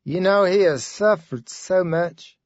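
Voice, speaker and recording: A man voicing a naive, excitable young wife, raising his voice high and talking in a shrill, gushing, pleading way. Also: slow, no echo, highs cut off.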